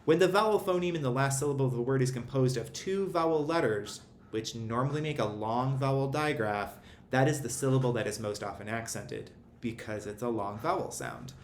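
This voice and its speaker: A man's voice: medium pitch, fairly quick, hardly any pauses. Man explaining phonics in an echoey room. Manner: clear, methodical explaining. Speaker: teacher. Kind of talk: recorded phonics lesson. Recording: roomy echo, faint background hum.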